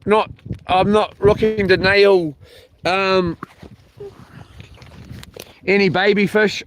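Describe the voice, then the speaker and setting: A man's voice: high voice, flat delivery, slow, pauses often. A man chatting to camera while fishing from a boat, rambling and playful. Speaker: fishing vlogger. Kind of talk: casual chat to camera. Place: outdoors on a boat at sea.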